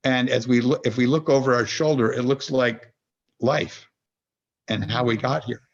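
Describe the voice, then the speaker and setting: A man with a gravelly, husky voice explains his ideas as a podcast guest. He tells little stories and acts out an inner voice along the way, often breaking off to restart. The audio is somewhat dull and lo-fi. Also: mid-range voice, steady tone, moderate pace. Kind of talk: conversational explanation.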